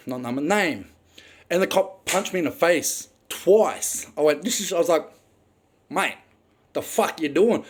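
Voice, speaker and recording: A man's voice: high-pitched, moderate pace, darkish tone. A young Australian man ranting angrily with plenty of swearing as he tells a personal story in a rambling way, full of ums. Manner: angry, profane, rambling with frequent ums. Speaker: vlogger telling his own story.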